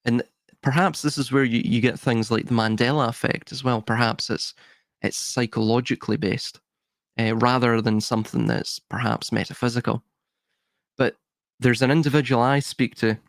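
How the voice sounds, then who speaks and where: A Scottish man speaks in a thoughtful, hedging manner, circling back and restarting his sentences. His voice sits at an ordinary middle pitch. The sound is close and dry. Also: steady tone, normal speed, no room sound. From Scotland. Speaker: guest. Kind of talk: casual podcast chat.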